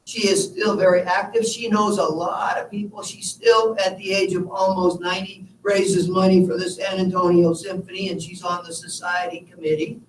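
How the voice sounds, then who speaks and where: A man giving an energetic motivational talk to a live audience, telling stories and speaking to them directly. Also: high voice, moderate pace, hardly any pauses. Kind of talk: live keynote talk with slides. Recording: echoey hall from far off with faint room noise.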